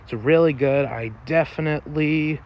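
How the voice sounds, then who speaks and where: A man's voice: on the high side, moderate pace, dull audio, a little hiss or hum. Rambling man giving a casual movie review. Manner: rambling, loose, with many fillers and casual swearing.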